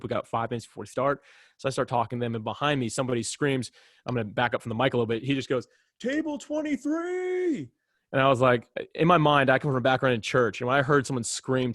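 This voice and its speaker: A man's voice: medium pitch, fairly bright tone, no echo, clean studio sound. A man as a podcast guest, telling a story in casual talk and acting out both sides of the conversations.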